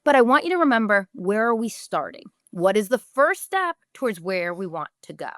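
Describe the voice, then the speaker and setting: A woman's voice: mid-range voice, sing-song, normal speed, no echo, clean studio sound. A woman, a podcast host giving direct, emphatic parenting advice and briefly acting out what parents and children say.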